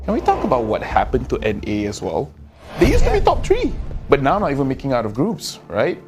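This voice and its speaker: A man's voice: mid-range voice, wildly swooping pitch, a little fast, music in the background. A man hosting an esports panel, upbeat and agreeable, asking probing questions. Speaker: host.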